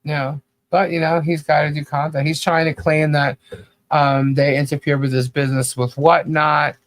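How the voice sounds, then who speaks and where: A man's voice: fairly high pitch, flat delivery, normal speed, dry recording. A man co-hosting a podcast, delivering critical commentary in a rambling, blunt rant full of "you know" and casual swearing. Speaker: podcast co-host.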